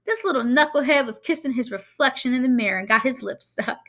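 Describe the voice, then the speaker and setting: A woman's voice: high voice, expressive, fast, sharp tone, voice pushed up, heavily acted. A woman doing a teasing, amused dad. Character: joking father, thirty-five, teasing.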